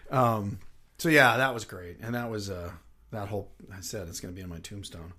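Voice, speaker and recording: A middle-aged man who is a guest on an interview show, telling rambling, lively anecdotes and laughing often. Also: fairly low pitch, a little fast. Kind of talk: casual anecdotal storytelling.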